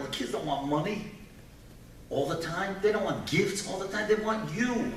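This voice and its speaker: A man, a rabbi and keynote speaker, giving a lecture with personal stories, animated, then dropping to hushed tones for sad parts. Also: high voice, moderate pace. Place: large event hall. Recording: echoey hall from far off, faint noise.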